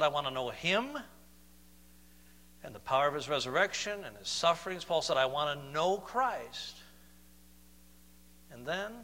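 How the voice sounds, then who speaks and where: Emphatic preacher, bright tone in a reverberant hall. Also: male voice, on the high side. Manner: swings from loud emphatic declarations to soft slow intimate questions. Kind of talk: sermon.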